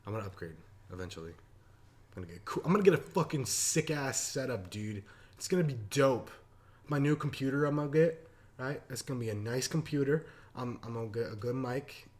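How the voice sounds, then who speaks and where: A man's voice: medium pitch, animated, fairly quick. A man co-hosting a casual podcast, rambling with many restarts and fillers, talking into a desktop mic at home. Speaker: podcast co-host. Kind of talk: casual chat. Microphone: desktop USB mic.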